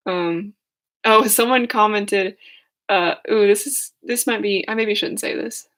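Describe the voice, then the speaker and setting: A hoarse young woman chatting casually on a livestream, rambling and laughing at herself. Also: medium pitch, measured pace, fairly bright tone. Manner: rambling, giggly, self-deprecating. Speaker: livestream host.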